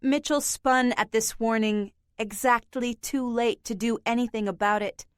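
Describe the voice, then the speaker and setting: Woman audiobook narrator, slow careful reading, bit high voice, super dry close mic. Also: steady tone, clean tone, no echo. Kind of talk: scripted narration.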